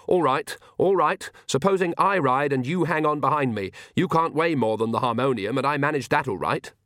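A man's voice: medium pitch, normal speed, fairly bright tone, no echo, studio quality, pitched above the performer's own voice, close to an everyday voice. A man voicing a polite, hesitant young priest who stammers with ums, in a storybook reading.

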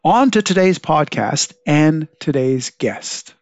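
A man hosting a podcast, congested from a cold, reading a measured, clearly enunciated introduction and then interviewing a guest over a video call. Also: on the high side, lively intonation, no room sound, dull audio. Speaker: podcast host. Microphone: home setup over video call.

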